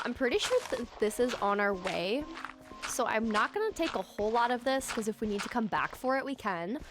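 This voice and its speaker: A woman giving relaxed, soft-spoken commentary while playing a building game, at times squealing with excitement. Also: medium pitch. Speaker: gaming commentator.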